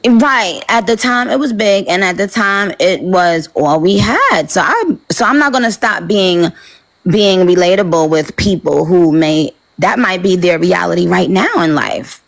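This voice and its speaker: Gravelly-voiced New woman, animated. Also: on the low side, unhurried, rough recording. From Queens, New York. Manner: animated, rambling, with frequent fillers. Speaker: interview guest. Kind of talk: casual interview chat.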